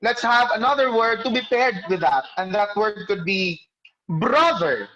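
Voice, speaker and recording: A male teacher giving an online class lecture over a video call. He explains slowly, quizzes students by name and corrects himself mid-sentence. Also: sits high, pushed and bright, dull audio.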